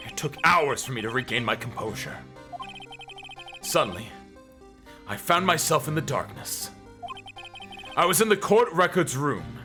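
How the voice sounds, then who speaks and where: A man voicing a furious, vengeful older male prosecutor from a video game, shouting in drawn-out bellows. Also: medium pitch, pitched below the performer's own voice.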